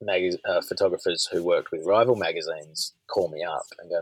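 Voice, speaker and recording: A man's voice: low-pitched, fairly even intonation, breathy edge, no room sound, low-quality recording. A man who works as a surf commentator, talking candidly as a podcast guest. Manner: candid, measured storytelling. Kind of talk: casual conversational chat.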